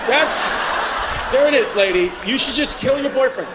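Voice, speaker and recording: A man from New York doing live stand-up comedy on a club stage, loud and rowdy, shouting his punchlines. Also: very high voice, lively intonation, normal speed. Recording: live club recording with crowd noise. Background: laughing crowd.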